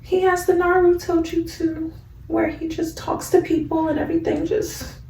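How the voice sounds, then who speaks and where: Woman playing a scheming cartoon princess, shrill, melodramatic, voice off mic, echoey room. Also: level tone, normal speed, vocal fry, darkish tone, recorded from a distance, a little hiss or hum. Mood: accusing. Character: scheming spiteful older princess, young woman.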